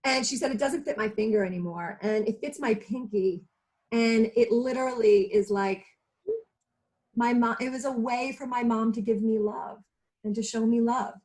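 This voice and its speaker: A woman's voice: on the high side, moderate pace, a little mellow, low-quality recording. A woman chatting earnestly and effusively on a talk show over a video call, with many fillers. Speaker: regular of a women's talk show. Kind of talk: casual heartfelt chat.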